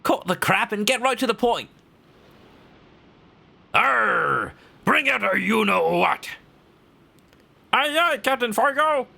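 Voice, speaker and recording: A man doing a shouty high-pitched pirate crewman. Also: very animated, slow pace, gravelly, pauses often, full character voice. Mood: rowdy. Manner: brash, shouting threats. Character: loud hot-headed young male pirate crewman. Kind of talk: reading game dialogue aloud.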